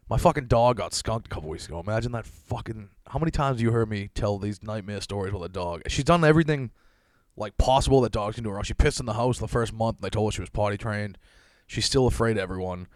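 This thirties-aged man hosts a casual solo podcast, rambling through a self-deprecating story packed with swearing and frequent laughter. His voice sits fairly low, and there's no room sound on the recording.

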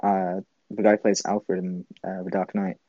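Low-voiced laid-back male guest. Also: flat delivery, moderate pace, no room sound, muffled recording. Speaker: podcast guest. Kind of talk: casual chat.

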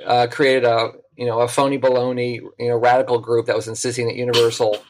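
Animated man telling a story. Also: medium pitch, fast talker, slight background noise. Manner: animated, acts out voices in his story. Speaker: podcast guest. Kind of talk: casual storytelling.

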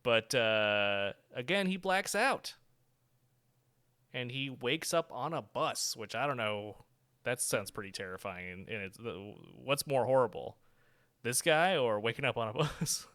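A man's voice: mid-range voice, expressive, a little slow, fairly bright tone, smooth. A man co-hosting a podcast, chatting about a TV episode, laughing often and correcting himself as he goes. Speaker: podcast co-host. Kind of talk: casual chat reviewing a TV episode.

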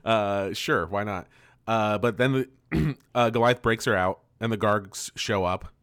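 A man co-hosting a casual podcast, recapping a cartoon episode with frequent laughter and quick silly voices for the characters. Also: fairly low pitch, a bit bright, clean tone, no echo, clean studio sound. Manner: laughs often, loose and profane, acts out lines in quick silly voices. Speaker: podcast co-host.

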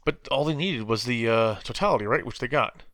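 A man's voice: mid-range voice, fairly quick, fairly bright tone, no room sound. A man chatting casually about comics. He laughs often and gives short, agreeing replies. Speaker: comic book discussion co-host. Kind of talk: casual chat.

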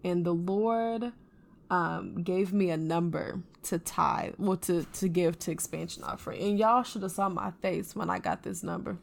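A woman co-hosting a casual faith podcast, telling a personal story in an earnest, animated way. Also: lowish voice, normal speed, gravelly. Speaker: podcast co-host.

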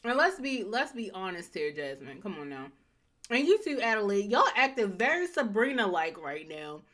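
A woman's voice: medium pitch, big pitch swings, moderate pace, fairly bright tone. A woman hosting a casual chat, giving blunt opinions and teasing her co-hosts.

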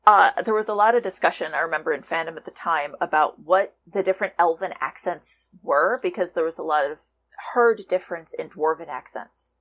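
A woman fanfiction writer talking as a guest in a casual interview, animated and laughing often. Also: on the low side, fairly quick.

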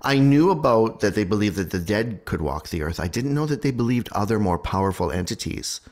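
A man hosting a podcast, chatting eagerly about history with a co-host. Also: on the low side. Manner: dramatic slow reading, then excited chatter. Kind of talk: casual podcast chat.

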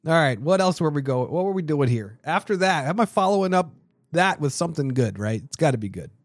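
A man's voice: fairly high pitch, animated, fast, no room sound, clean studio sound. A man hosting a casual podcast alone, rambling and mocking himself, with frequent swearing and restarts. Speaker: podcast host.

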